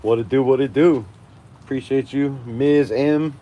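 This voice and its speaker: On a lo-fi recording, a fan channel host in his forties speaks in a steady, dark, medium-pitched voice at a slightly slow pace. He's on a live fan stream outdoors at night in a storm, ranting with profanity, emphasis and frequent laughs.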